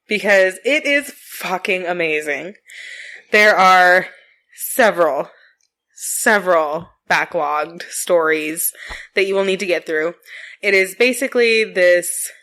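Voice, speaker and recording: A woman in her thirties co-hosting a home podcast, telling stories about her sons with lots of energy. She swears freely and breaks into laughter between lines. Her voice sits at an ordinary middle pitch for a woman. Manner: animated storytelling, swears freely, laughs often. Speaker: podcast co-host. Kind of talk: casual chat.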